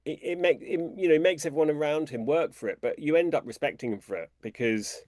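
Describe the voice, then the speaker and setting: British man telling animated anecdotes. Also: fast, dry recording, clean studio sound. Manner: animated storyteller, imitates people in a high voice. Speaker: author guest. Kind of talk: conversational interview.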